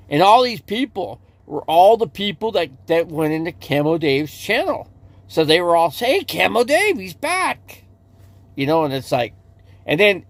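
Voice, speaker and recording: There's no echo as a man with a slightly high voice chats on a livestream from his RV. Addressing people in the chat, he wanders in his talk, frequently starting over and repeating himself.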